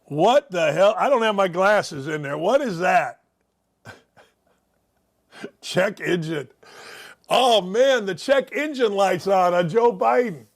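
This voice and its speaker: A man hosting a sports talk show, ranting in a sarcastic, mocking way about sports and politics. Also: high-pitched. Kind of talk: opinionated sports and politics rant.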